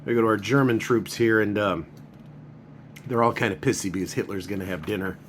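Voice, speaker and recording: Rambling man with a lowish voice. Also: a little fast, a little hiss or hum. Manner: rambling, heavy use of filler words. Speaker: comic book reviewer. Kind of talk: casual spoken review.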